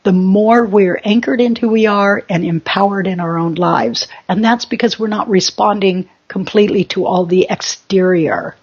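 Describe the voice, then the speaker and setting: Woman host of a spiritual show, husky, rambling and self-mocking, on a dull lo-fi recording. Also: mid-range voice, normal speed, hardly any pauses. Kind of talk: casual spiritual talk.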